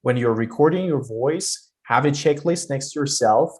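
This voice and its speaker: A man teaching an exam-prep pronunciation lesson, explaining deliberately with stressed words and pauses. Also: mid-range voice, a little mellow.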